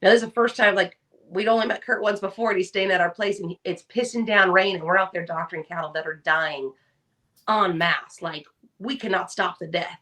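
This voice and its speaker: A woman co-hosting a podcast, chatting casually and telling lively stories, acting out the people she quotes. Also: mid-range voice, brisk, distant mic. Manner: animated storyteller, acts out quoted voices. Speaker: podcast co-host. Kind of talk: casual chat.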